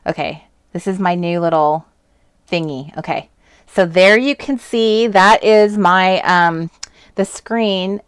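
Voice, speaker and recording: A woman's voice: lowish voice, takes it slowly, clear, resonant tone, no echo. A woman from the US West Coast hosting a casual crafting live stream, talking in a chatty, rambling way and laughing often. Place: indoors at a home craft desk. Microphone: desk webcam setup.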